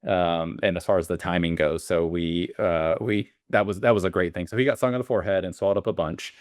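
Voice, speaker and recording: A man's voice: deep voice, steady tone, a little fast, dry recording, studio quality. A man, a beekeeper guest telling stories in a rambling way, full of fillers and restarts. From Alabama. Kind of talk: casual interview storytelling.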